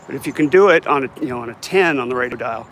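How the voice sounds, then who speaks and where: Rapid-fire and at a medium pitch, an older vlogger talks into his handheld phone while walking a city street, his fairly bright tone carrying joking, self-mocking rambles. Slight background noise can be heard.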